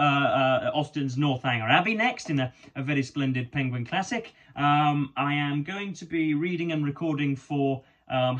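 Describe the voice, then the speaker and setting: A man's voice: mid-range voice, fairly bright tone. A young man reviewing a book to camera, stammering and repeating words often, with wry and ornate wording. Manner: hesitant, stammering with many repeated words and ums.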